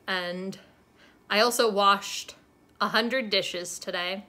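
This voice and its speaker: A woman's voice: mid-range voice, steady tone, slow pace, sharp tone. A young woman chatting casually in a vlog at a friend's home, wry and self-deprecating, filming on a handheld phone. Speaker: vlogger. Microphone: handheld phone camera.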